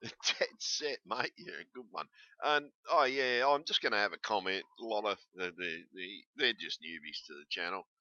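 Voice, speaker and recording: A man's voice: fairly low pitch, brisk, sharp tone, no echo, dull audio. An Australian man talking in a casual, rambling vlog, blunt and swearing constantly. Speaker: YouTuber.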